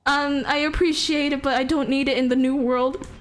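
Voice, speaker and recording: Giggly high-voiced woman streaming a game. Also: fairly even intonation, moderate pace. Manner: giggly, chatty, swears, reads chat aloud. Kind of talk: casual live-stream chat while playing a game.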